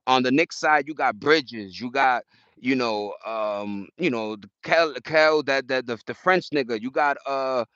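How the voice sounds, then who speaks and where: A man's voice: medium pitch, measured pace, fairly bright tone, no room sound, highs cut off. Slangy New man streaming outdoors. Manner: slangy, loose, chatty with repeated asides. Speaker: livestream host. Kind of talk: casual livestream chat with viewers. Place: outdoors in a park.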